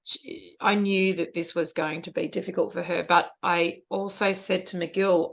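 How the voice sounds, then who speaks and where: A woman's voice: fairly low pitch, steady tone, unhurried, vocal fry, few pauses. A middle-aged woman, co-hosting a casual podcast chat, talking earnestly and emotionally about parenting. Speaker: podcast co-host.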